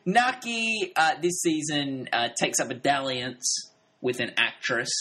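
A man in casual conversation who laughs a lot and acts out scenes in funny voices. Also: medium pitch. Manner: animated, laughs often, acts out quotes in voices. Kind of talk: casual podcast chat about a TV drama.

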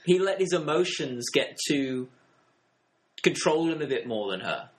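A man chats about films in a relaxed, playful way, often laughing. His voice sits a bit high, and his pitch moves up and down a lot. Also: a little slow, poor audio. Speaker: podcast co-host. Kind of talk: casual film chat.

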